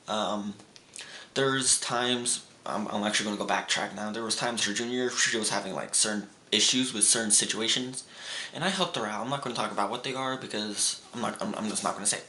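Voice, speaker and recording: A young adult man with a lowish, bright, forceful voice tells stories in a casual vlog, rambling and restarting, and acting out his friends' lines in raised voices. The audio has a roomy echo and a faint hum in the background.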